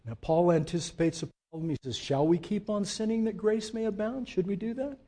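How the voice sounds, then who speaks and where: Emphatic high-voiced male preacher. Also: brisk. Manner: emphatic, rising to loud peaks then dropping low and intimate; asks the congregation direct questions. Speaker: pastor. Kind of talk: sermon.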